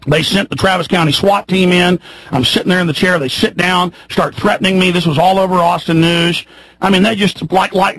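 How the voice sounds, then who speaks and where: A radio talk show host in his thirties delivering a heated, fiery monologue, swinging between shouts and low mutters. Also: creaky, breathy edge, no room sound, poor audio. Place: radio studio.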